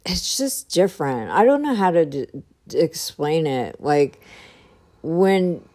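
A woman telling a personal story in a casual way, often pausing and hunting for the right words. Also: deep voice, very animated, darkish tone. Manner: hesitant, searching for words.

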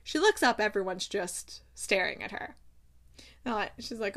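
A woman's voice: on the high side, measured pace. A woman book vlogger giving a casual, chatty recap of a novel's plot. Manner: chatty, animated storytelling.

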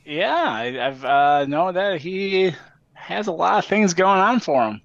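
A man's voice: high-pitched, lively intonation, unhurried, creaky, no echo. A man playing in a tabletop game, speaking hesitantly and restarting his sentences. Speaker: player. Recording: dull lo-fi audio.

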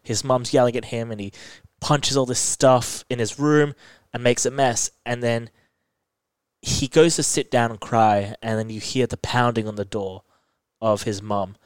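A man talks through a TV episode, lively and detailed. His voice sits at a medium pitch. The sound is dry and close to the mic. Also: measured pace, smooth, no echo. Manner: animated, detailed retelling. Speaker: podcast co-host. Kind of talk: casual chat recapping a TV episode.

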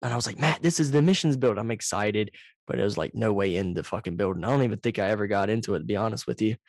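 A lowish-voiced man spins a casual, profane story, rambling and correcting himself along the way. He sits right up on the microphone, so the sound is loud and completely dry. It comes across as a home podcast recorded over a video call. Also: rapid-fire, no room sound. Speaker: podcast host. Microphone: very close to the microphone, loud.

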